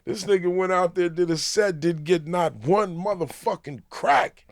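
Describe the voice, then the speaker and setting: A man from Los Angeles, a comedian guest telling a story in a podcast interview, swearing freely and swinging between hushed and excited. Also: sits high, a little slow, dry recording, studio quality. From Los Angeles, USA.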